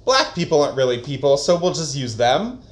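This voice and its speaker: A man voicing a matter-of-fact young male doctor who answers flatly. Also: fairly high pitch, brisk. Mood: dry. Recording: roomy echo.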